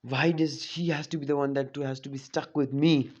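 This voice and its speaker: A man's voice: fairly high pitch, steady tone, normal speed, darkish tone, close to an everyday voice. A man playing a sulky arrogant teen ninja, Sasuke. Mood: scornful. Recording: dull lo-fi recording.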